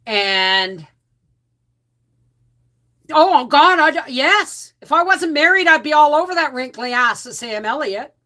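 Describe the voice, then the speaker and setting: A woman's voice: sits high, expressive, slow, pauses often, pushed and bright. A woman hosting a casual livestream, rambling with frequent restarts and asides. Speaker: homestead channel host.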